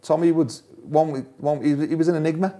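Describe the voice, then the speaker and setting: A man's voice: a little high, steady tone, a little fast, dark tone. Chatty man telling stories. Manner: chatty, laughs often, restarts phrases. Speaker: former footballer guest. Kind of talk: casual interview storytelling.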